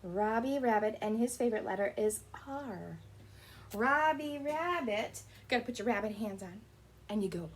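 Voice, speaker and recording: A young woman teaching preschoolers letter sounds in a slow, sing-song circle-time lesson. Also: fairly high pitch, animated.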